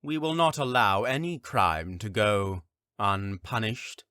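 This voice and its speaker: Brief: icy bureaucrat scholar, deliberate and low , narrated by a man. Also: expressive, sharp tone, smooth, dry recording, clean studio sound, full character voice. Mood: cold. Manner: slow, measured, officious. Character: cold stern male scholar official. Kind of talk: audiobook character voice.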